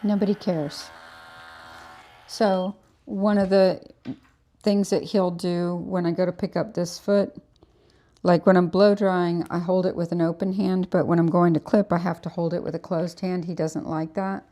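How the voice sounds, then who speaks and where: A woman's voice: fairly low pitch, little pitch movement, normal speed, warm tone. A woman dog groomer explaining her technique while coaxing and praising the dog she is working on in a grooming salon. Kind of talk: instructional grooming demo.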